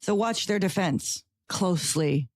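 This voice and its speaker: Quick-questioning woman co-host. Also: on the low side, lively intonation, no echo, clean studio sound. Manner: interjects, asks quick clarifying questions. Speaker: podcast co-host. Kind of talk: casual chat.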